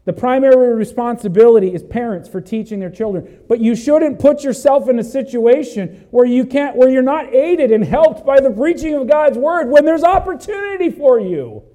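High-voiced, mellow man preaching emphatically. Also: expressive, normal speed, hardly any pauses. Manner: emphatic preaching that swings between loud and hushed; calls out "Amen?" to the congregation. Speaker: pastor. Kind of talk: sermon.

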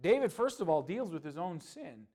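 A man, a pastor, preaching a sermon with passion, swinging between loud pleading and hushed earnestness. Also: a little high, very animated, normal speed.

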